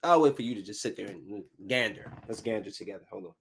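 A man's voice: on the low side, quick pace, breathy edge. A man telling his viewers a story in a casual, heated rant full of swearing. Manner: profane, heated, animated retelling. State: angry while recounting.

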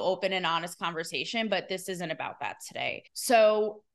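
A woman's voice: medium pitch, sharp tone. Candid woman hosting a solo podcast. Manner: candid, rambling, emotional. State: holding back tears. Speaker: podcast host.

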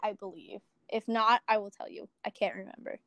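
A woman's voice: medium pitch, fairly even intonation, fairly quick, bright, forceful tone, no echo. A woman in casual chat who talks in a teasing, reassuring and affectionate way.

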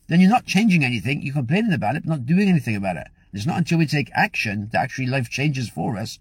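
A man's voice: fairly high pitch, very animated, fast talker, hardly any pauses, slightly rough, dry recording. A man giving a chatty motivational monologue as a coach, telling a story and laughing now and then.

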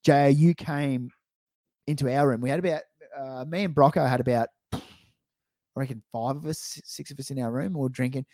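In studio-quality audio with no echo, a young Australian podcast co-host spins a story during relaxed conversation. He speaks at a medium pitch and normal speed, laughing animatedly and performing the quotes he recounts.

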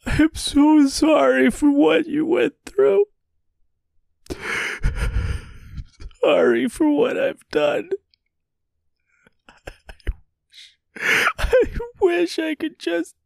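A man voicing a grown woman who sobs and stammers in high, strained cries as she begs forgiveness. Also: creaky, a little mellow, dry recording, full character voice. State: crying.

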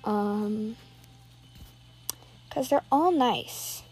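A woman's voice: on the high side, extremely slow, darkish tone, slightly rough. A woman giving live, rambling commentary while playing an online game, nervously narrating every move aloud.

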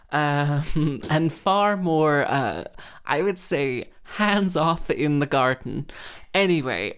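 A woman's voice: low-pitched, smooth. A woman hosting a podcast, rambling and gushing in a casual monologue full of fillers and sarcastic self-mockery.

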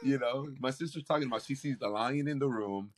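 A man, a campus pastor, telling a personal testimony in conversation, animated and acting out what others said. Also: mid-range voice, a little fast. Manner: animated storytelling, acts out quoted voices.

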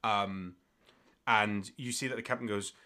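A man's voice: on the low side, steady tone, a little slow, bright, forceful tone. A man running a tabletop game as game master, narrating casually with lots of fillers.

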